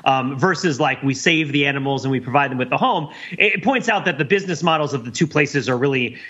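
Male podcast co-host, bright and forward, wordy analyzer, lo-fi sound. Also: medium pitch, quick pace, husky. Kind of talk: casual chat.

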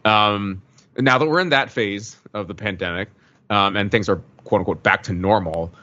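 A man co-hosting a podcast, chatting wryly with plenty of fillers along the way. His voice sits fairly low. The recording is dull and lo-fi. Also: moderate pace, bright, forceful tone. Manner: chatty, wry, many fillers. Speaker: podcast co-host. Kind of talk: casual chat. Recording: dull lo-fi mic.

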